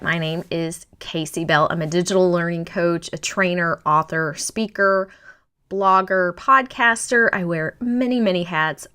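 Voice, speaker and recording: Woman, middle-aged, learning coach, upbeat course pitch, speaks straight to the viewer, resonant voice. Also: fairly bright tone, smooth. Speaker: digital learning coach and trainer. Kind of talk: promotional course presentation.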